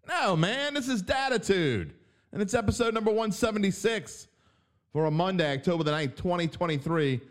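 A man from Southeast Louisiana with a New Orleans accent, hosting a sports podcast in a wry, joking way that often corrects itself. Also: a little high. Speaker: podcast host, sports betting writer.

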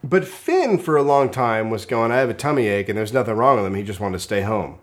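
A middle-aged man co-hosting a casual comedy chat, tossing out deadpan absurd jokes. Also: lowish voice, brisk. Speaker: podcast co-host.

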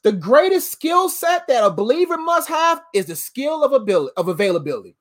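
A tired preacher delivering an informal sermon in an animated, slang-filled way, often laughing. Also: high-pitched, fairly quick.

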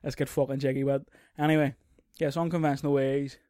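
A man hosting his own podcast alone, rambling and swearing constantly, bursting into loud mocking outbursts, recorded on a stand mic. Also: mid-range voice, little pitch movement, fast talker, clear, resonant tone, no echo, clean studio sound. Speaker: podcast host. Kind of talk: casual solo podcast rant.

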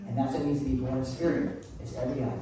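A man's voice: medium pitch, fairly even intonation, racing, noisy background. A male pastor giving a conversational, earnest sermon with frequent restarts. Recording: echoey room, mic at a distance.

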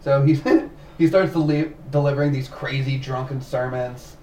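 A man's voice: mid-range voice, flat delivery, moderate pace, mellow. A man hosting a casual podcast and telling a cult story from his notes, repeating himself now and then. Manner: narrates from notes, repeats words, laughs easily. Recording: roomy distant mic with faint noise.

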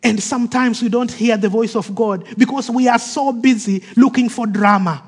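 Man, preacher, sermon, husky breathy tone, emphatic then hushed delivery. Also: very high voice, normal speed. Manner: emphatic preaching that drops to soft, hushed phrases; acts out quoted speech of the people in his stories.

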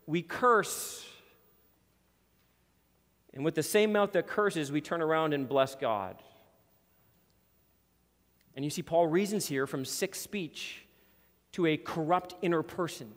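High-voiced man preaching in a reverberant hall. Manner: earnest preaching, reads scripture slowly with emphasis. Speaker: pastor. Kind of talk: sermon. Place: church hall with a screen.

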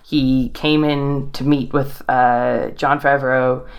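Low-voiced woman hosting a chatty podcast. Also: little pitch movement, takes it slowly, clear, resonant tone. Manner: enthusiastic, laughs often, many fillers. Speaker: podcast host. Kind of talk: casual chat.

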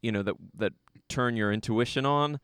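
A man's voice: mid-range voice, normal speed, a bit bright, clean tone, dry recording, clean studio sound. A young American man chatting casually, rambling through a travel story with lots of fillers. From United States. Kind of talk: casual conversation.

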